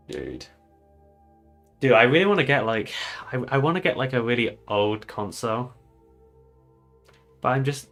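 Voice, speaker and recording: Young British man, low casual voice. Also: fairly bright tone. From United Kingdom. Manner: loose, swearing, laughing asides. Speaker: streamer. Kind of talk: casual live-stream chat.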